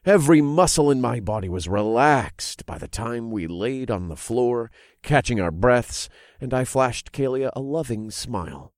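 A man narrating an adult audiobook in the first person, with an expressive reading that builds in intensity. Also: mid-range voice, a little slow, hardly any pauses, no room sound, clean studio sound.

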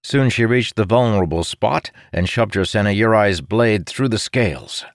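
A man reading a fantasy story aloud in scripted, measured narration. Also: lowish voice, expressive, no echo, studio quality. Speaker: audiobook narrator.

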